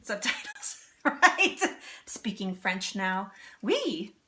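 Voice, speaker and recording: A woman's voice: medium pitch, wildly swooping pitch, extremely slow, pushed and bright. A woman in her thirties hosting a live cooking stream from her home kitchen, chatting with viewers and laughing often. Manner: chatty, giggly, answers viewer comments. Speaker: cooking show host.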